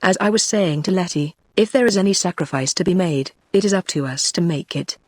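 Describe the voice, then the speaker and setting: Haughty scheming older sister, british accent, tts lady reading, flat synthetic read, dry. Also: fairly low pitch, fairly quick, no echo, lightly acted. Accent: British English. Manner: evenly read, synthetic delivery. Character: haughty young woman, scheming elder sister.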